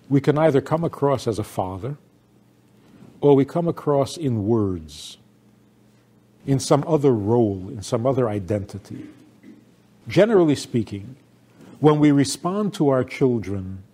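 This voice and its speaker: A man's voice: medium pitch, warm tone, slightly rough. An older man, a rabbi, giving a sermon-style talk with stories, acting out quoted voices and laughing along.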